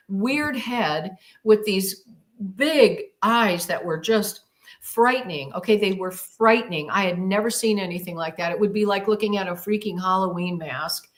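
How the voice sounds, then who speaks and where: Slow-paced woman telling a vivid story. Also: medium pitch, expressive, a bit bright. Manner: vivid storyteller who acts out her own past exclamations; emphatic, repeats words for effect. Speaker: podcast guest. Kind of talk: recounting a personal experience in an interview.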